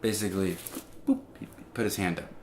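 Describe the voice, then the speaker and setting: Low-voiced man preaching casually. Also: brisk, slight background noise. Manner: conversational, many fillers and restarts, grows animated at the climax. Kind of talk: informal sermon.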